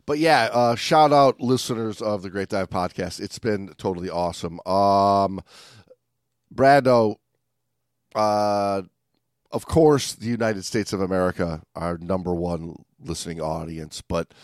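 A man hosting a podcast in casual chat, upbeat and giving shout-outs, often stumbling and restarting his sentences. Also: low-pitched, unhurried, no room sound, studio quality. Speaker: podcast host.

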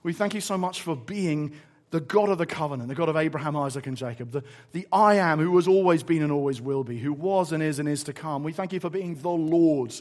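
A man preaching a sermon, telling a story in an animated, emphatic way before closing in prayer. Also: on the high side, brisk.

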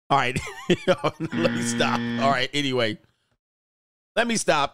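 A man's voice: medium pitch, animated, unhurried, long pauses, fairly bright tone, no room sound, studio quality. Joking man on a livestream. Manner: joking, laughs often. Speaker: commentator. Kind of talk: casual livestream commentary.

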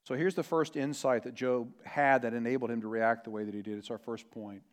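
A man preaching a sermon as a pastor, earnest and emphatic, slowing down to stress key words. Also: mid-range voice, steady tone. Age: adult parent.

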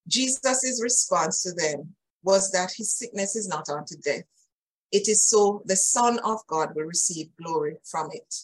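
A woman's voice: on the low side, fairly bright tone, husky, rough recording. A woman preaching a sermon, earnest and emphatic, speaking directly to her listeners.

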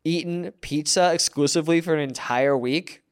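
A man's voice: fairly high pitch, moderate pace. A man from the US, a comedian, telling stories in a casual chat and laughing as he goes. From United States. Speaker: comedian guest.

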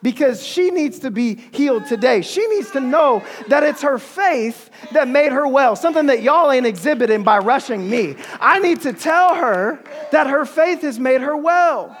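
A man preaching in a casual, animated way, retelling a story with slang and asides. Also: very high voice, moderate pace, hardly any pauses. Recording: long hall reverb.

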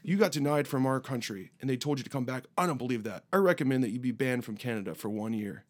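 A man in casual conversation, telling a long story with lively energy. He speaks at a middle pitch and lifts his voice when he mimics other people. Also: quick pace. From United States. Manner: animated anecdote teller, voices border guards with raised pitch. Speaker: musician guest.

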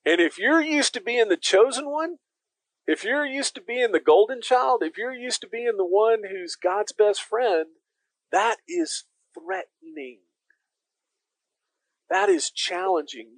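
A man's voice: sits high, very animated, slow, dry recording, low-quality recording. A man preaching a conversational sermon as pastor, emphatic and speaking directly to his listeners.

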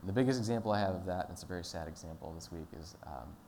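A man giving a sermon at church in a relaxed, conversational, storytelling manner. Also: sits low, racing, slight background noise. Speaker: pastor.

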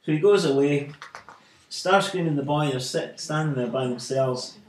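A man, a podcast host, retells a comic story in an animated, casual way with frequent fillers. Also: a little high, normal speed. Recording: echoey room with faint music.

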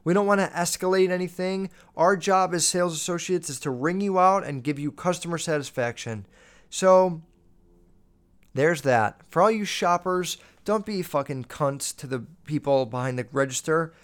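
A young man hosting a podcast, telling a profane, animated story about a rude customer and acting out both sides of the dialogue. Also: on the high side, normal speed, smooth. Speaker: podcast host. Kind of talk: casual storytelling rant.

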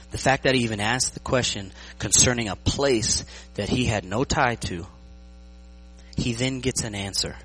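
In a rough recording, a pastor with a lowish, breathy-edged voice preaches a sermon. He's lively and jokes around, often checking that his listeners are following him.

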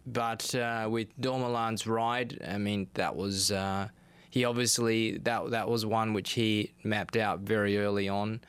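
Male panel pundit, low, smooth and resonant voice, dry close sound, hesitant delivery. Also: level tone, unhurried, fairly bright tone, no room sound. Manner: hesitant, thinks aloud with fillers. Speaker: cycling pundit. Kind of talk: casual panel chat.

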